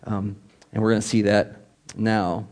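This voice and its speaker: A man giving a conversational sermon as a pastor, animated and relaxed, asking his listeners questions. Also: fairly low pitch, unhurried.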